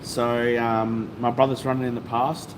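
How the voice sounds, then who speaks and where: A man's voice: mid-range voice, flat delivery, measured pace. A laid-back man, a sign maker, answering questions casually in a race car shop and trailing off at the ends of his sentences. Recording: echoey shop with background noise.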